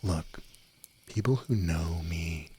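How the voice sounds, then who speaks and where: A young man with a very low voice chats softly into a desk mic before bed. He rambles, giggles, and drifts into whispers as he talks with his viewers. A faint hiss sits under the recording. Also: takes it slowly. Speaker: streamer. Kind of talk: soft-spoken late-night stream chat. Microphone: desk microphone, no windscreen.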